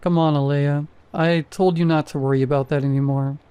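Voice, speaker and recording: A man voicing a gentle, patient husband in a horror story reading, speaking softly and reassuringly. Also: on the high side, steady tone, a little fast, smooth, no room sound, lightly acted. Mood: soothing.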